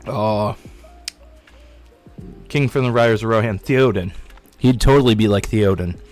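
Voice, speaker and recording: A young man hosting a casual livestream, chatty and excitable, talking while he eats snacks. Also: lowish voice, measured pace, soft background music. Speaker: livestream host. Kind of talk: casual live-stream chat.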